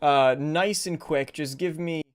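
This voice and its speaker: A man's voice: a little high, steady tone, slow, clean tone. A man casually chatting on a live stream, greeting viewers and rambling a little while he sets things up, slightly out of breath.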